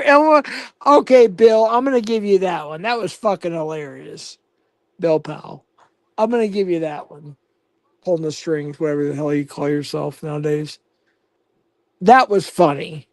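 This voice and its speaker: Guy on a livestream reading chat out loud, slow and cussing, dry close sound. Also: high-pitched, dry recording. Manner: slow, profane, mocking banter. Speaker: livestream host.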